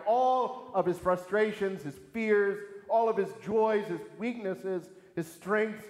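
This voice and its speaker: A man preaching a sermon in an earnest, emphatic way, asking rhetorical questions. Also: sits high. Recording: echoey hall with long reverb.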